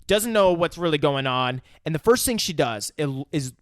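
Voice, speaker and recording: A man's voice: on the high side, moderate pace, dry recording, clean studio sound. A man casually recapping a film scene by scene on a podcast, swearing freely and getting worked up. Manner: profane, excitable retelling of scenes. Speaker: podcast co-host. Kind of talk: casual movie review chat.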